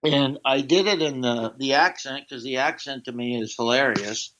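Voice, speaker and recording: A comedian telling rambling stories in a casual interview, with lots of fillers and quick switches into a drawling character voice for quoted lines. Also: mid-range voice, a bit bright, a little hiss or hum. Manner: rambling anecdotes, slips into a drawling put-on voice for quotes. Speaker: comedian guest. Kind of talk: casual storytelling. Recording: dull lo-fi sound.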